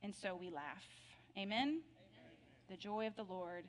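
A woman's voice: mid-range voice, moderate pace, slight background noise. A woman pastor telling Bible jokes in a sermon, playful and laughing at her own punchlines. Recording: long reverb of a large hall.

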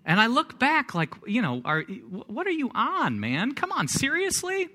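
A man's voice: very high voice, huge pitch swings, normal speed, pushed and bright. A middle-aged man preaching a sermon, telling a personal story with self-deprecating humor before turning to scripture. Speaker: pastor.

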